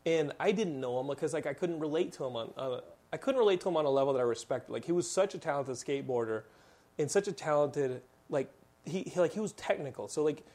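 A man's voice: on the high side, expressive, fast, a little mellow. A man in his thirties from Texas, hosting a podcast and telling long, rambling stories full of fillers. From Texas, USA. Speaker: podcast host. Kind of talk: casual podcast chat.

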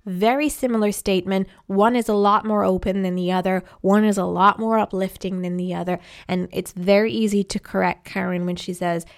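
A woman's voice: mid-range voice, fairly even intonation, brisk, hardly any pauses, smooth. A woman hosting a self-help podcast, explaining in an encouraging way and acting out little quotes of self-talk. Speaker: podcast host.

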